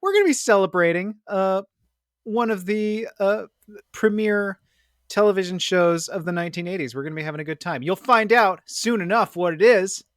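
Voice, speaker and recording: Male co-host, comedic radio banter, lively intonation. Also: high voice, normal speed, no echo, clean studio sound. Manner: playful, laughing at his own slips. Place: radio studio.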